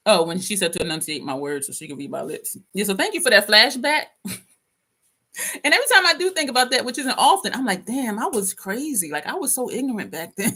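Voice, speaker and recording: A woman's voice: medium pitch, expressive, a little fast, bright, forceful tone, slightly rough. Laughing woman in her fifties telling stories. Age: 50s. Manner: laughs often while telling a story, reads viewer comments aloud. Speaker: vlogger livestream host. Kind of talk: casual livestream storytelling.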